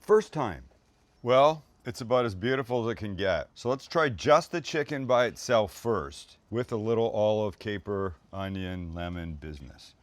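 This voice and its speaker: A man's voice: fairly low pitch, lively intonation, normal speed, no echo. A man hosting a casual cooking demonstration, chatty and jokey, talking to his crew and himself as he cooks and swearing now and then. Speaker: cooking show host. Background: food sizzling in a pan.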